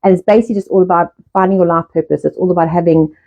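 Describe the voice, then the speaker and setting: A middle-aged woman hosting a casual live stream, talking fast in a rambling way and swearing often. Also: fairly low pitch, fairly even intonation, dark tone. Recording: dull lo-fi live-stream audio.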